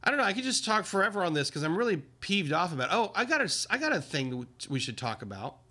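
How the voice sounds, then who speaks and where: A man hosting a livestream, talking casually with indignant, emphatic commentary that swings up and down in pitch. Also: very animated, fast, bright, forceful tone. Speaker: livestream host.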